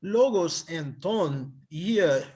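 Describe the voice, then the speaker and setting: Slow, hesitant male Greek tutor on a video call, slightly high voice. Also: lively intonation, a little mellow. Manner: hesitant, halting, many restarts. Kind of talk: online tutoring session.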